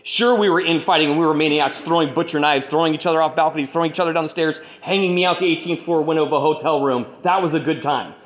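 Rambling fast-talking man, darkly joking. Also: fairly high pitch, steady tone, highs cut off. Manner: rambling, full of "you know", dark humor. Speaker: speaker sharing his recovery story. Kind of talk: candid storytelling to an audience.

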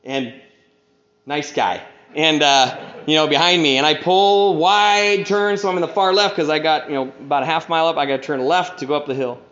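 A man's voice: fairly high pitch, fairly even intonation, normal speed, fairly bright tone. Rambling man telling his story, echoey room. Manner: rambling, heavy on "you know", acts out quoted people. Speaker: speaker sharing his recovery story. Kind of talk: casual storytelling. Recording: echoey room, dull lo-fi sound.

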